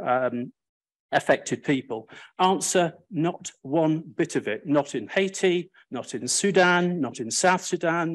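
An older man speaking on a panel, recounting history in a wry, self-deprecating and emphatic way. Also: fairly high pitch. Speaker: panel speaker, Sphere's first chair.

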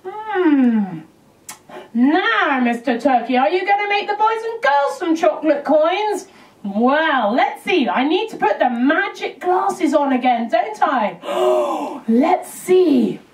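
Woman, children's entertainer, very high voice, slow, echoey room from a distance. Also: expressive. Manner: bright, exclamatory, sing-song for children. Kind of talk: children's puppet show with songs. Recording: roomy, from a distance.

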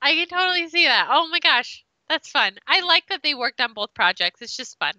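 A bubbly woman co-hosts a reaction chat with a high, lively voice that swoops up and down. Her tone is very bright and forward, and her phrasing has a Valley Girl lilt. She sounds close and dry, with no room around her. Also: normal speed, no echo. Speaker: co-host of a reaction channel.

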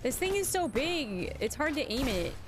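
A woman's voice: high-pitched, very animated, normal speed, noisy background. A woman streamer chatting casually over her gameplay. She is playful and sarcastic and laughs often. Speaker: streamer playing a video game.

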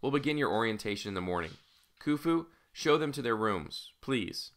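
A man reading an audiobook, voicing a calm, formal older uncle who explains patiently and gently guards what he knows. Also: mid-range voice, normal speed, pitched above the performer's own voice. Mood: firm. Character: calm, measured older male mentor, an uncle. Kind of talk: audiobook character voice.

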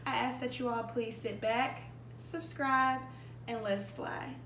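A woman's voice: a little high, steady tone, slow pace, noisy background. A woman hosting a casual mukbang vlog, chatting with the viewers and calling them y'all. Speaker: vlog host. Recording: echoey room with music.

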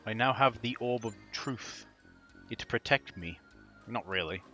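A man giving excitable, foul-mouthed gameplay commentary as host of a gaming video. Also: medium pitch, a little slow, faint music behind. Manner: excitable, swears constantly, laughs often.

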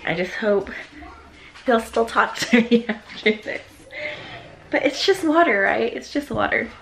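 A woman's voice: a little high, lively intonation, gravelly, slight background noise. A woman chatting to camera in a casual vlog, nervous and giggly as she lays out a prank, at times dropping to a whisper. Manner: nervous, giggly, talking fast about a plan; whispering quietly. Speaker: vlogger.

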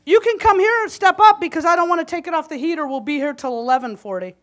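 Speaking fast in a very high voice, this woman runs a live cooking demonstration at a conference. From the kitchen stage of the hall she keeps up a chatty, joking patter with the crowd, a little out of breath.

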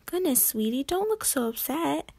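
A brisk, fussy mother from a children's storybook, as a woman reading aloud puts her on. She talks quickly and distractedly, squeamish about pests, in a fairly high voice. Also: sing-song, mellow. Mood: briskly distracted. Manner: brisk, fussy, shrieks at the mouse.

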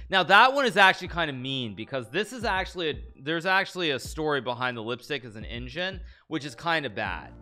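A man gives casual live-stream commentary. His voice is bright and his pitch moves a lot. He keeps cutting himself off and laughing, and faint music plays behind him. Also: sing-song, fairly quick, hardly any pauses. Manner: chatty, self-interrupting, laughs often, reads lines aloud in a mock-romantic tone. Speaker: streamer reacting to chess memes.

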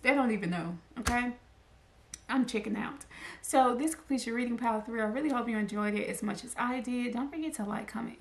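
A slightly high-voiced woman chats through a tarot reading, laughing often and acting out the messages she draws. Her voice has a gravelly fry. The room is echoey, with a faint hiss underneath. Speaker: tarot card reader. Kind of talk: casual tarot reading to camera.

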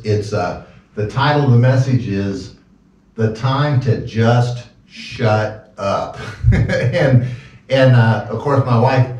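Folksy pastor preaching in an echoey church. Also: male voice, lowish voice, a little mellow. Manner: folksy and joking, with halting restarts. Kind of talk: sermon. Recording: roomy, distant, dull lo-fi church recording.

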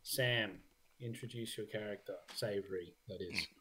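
A man's voice: on the low side, noisy background. A man running a tabletop game as game master, narrating casually with lots of fillers. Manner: casual, filler-heavy, quick bursts.

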